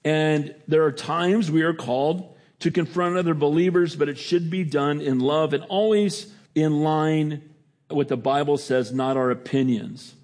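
A middle-aged man preaching a sermon as pastor, his voice jumping up in pitch for emphasis and then dropping to a quiet, low tone. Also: fairly even intonation, unhurried. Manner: preaching with sudden pitch jumps and quiet drops.

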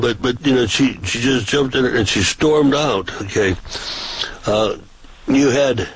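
Breathy man telling street-preaching stories. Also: poor audio. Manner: animated, pitch jumps for quoted voices. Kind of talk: casual storytelling.

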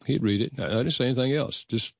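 An older man, a guest author, telling personal stories in an earnest, measured way and acting out remembered conversations. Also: mid-range voice, vocal fry, no echo, studio quality. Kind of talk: reflective storytelling in conversation.

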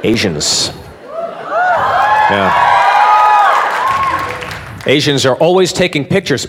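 A man doing a stand-up routine, lively, with shouted sound effects and questions to the audience. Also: fairly high pitch, moderate pace, a crowd in the background, noisy background. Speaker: stand-up comedian. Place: live comedy club with audience.

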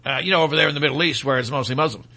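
A man's voice: a little high, racing, gravelly, bright, forceful tone. A man hosting a podcast with opinionated political commentary, talking in a rambling, sarcastic way full of asides and restarts. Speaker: podcast host.

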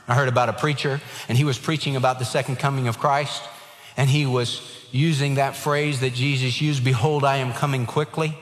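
A man's voice: mid-range voice, fairly even intonation, brisk. A man preaching a sermon in an earnest way, shifting his emphasis and telling a joke. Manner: earnest preaching, varied emphasis, tells jokes. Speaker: pastor. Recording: long hall reverb.

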